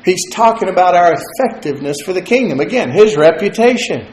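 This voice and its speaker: A man's voice: high-pitched, expressive, fairly quick, a little mellow, slight background noise. A male pastor delivering a sermon in a loose, conversational way, joking at times and repeating words as he thinks. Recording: roomy echo.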